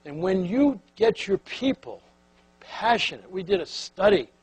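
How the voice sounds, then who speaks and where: An older man tells workplace stories to an audience, bringing each quote to life. His voice is husky and sits a little high. A faint electrical hum runs under the recording. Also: a little slow, no room sound, soft background music, rough recording. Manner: animated anecdotes with acted-out quotes. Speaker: keynote speaker. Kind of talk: storytelling keynote speech.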